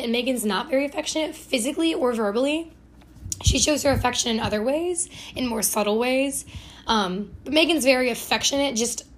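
A young woman from Ohio hosting a podcast, telling a rambling, self-deprecating story full of "like" and self-corrections. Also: high voice. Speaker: podcast host. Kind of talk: casual storytelling monologue.

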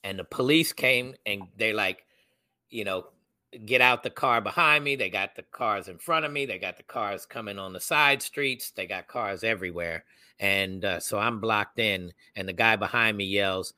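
A young adult man co-hosting a podcast, telling a personal story in casual chat and acting out the people he quotes in loud voices. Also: lowish voice, moderate pace, no echo. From United States. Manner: animated, acts out quoted voices loudly. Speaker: podcast co-host.

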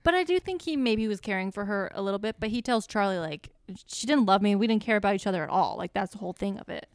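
A woman's voice: mid-range voice, animated, quick pace, no room sound, studio quality. A young woman chatting casually, animatedly retelling a film and acting out its characters' lines. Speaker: podcast co-host. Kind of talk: casual chat recapping a film.

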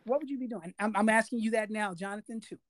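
A man's voice: high-pitched, quick pace, no echo. A man hosting a podcast interview, talking emphatically in a casual way and repeating key phrases for weight. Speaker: podcast host.

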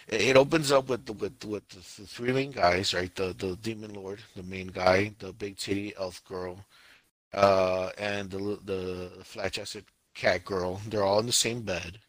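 A young man co-hosting a casual podcast, recounting a show with exasperated, animated energy and silly put-on voices for the scenes. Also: fairly low pitch, unhurried, no room sound. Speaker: anime podcast co-host. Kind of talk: casual podcast review chat.

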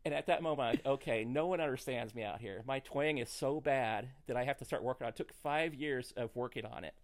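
Middle-aged guy on a podcast telling a funny story, laughing along as he goes, regular pitch. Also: quick pace. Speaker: comedian guest.

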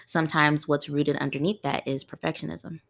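Low-voiced woman podcast host. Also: flat delivery, brisk, creaky, slight background noise. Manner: conversational, asks listeners rhetorical questions. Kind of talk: casual solo podcast talk.

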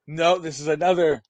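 A young man telling a profane, animated story on a podcast, acting out the people in it. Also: a little high, no echo. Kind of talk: casual storytelling with acted quotes.

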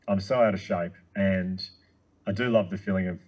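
A man in his thirties, a guest speaker telling a long story in casual chat, excitable and quick. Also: low voice, low-quality recording.

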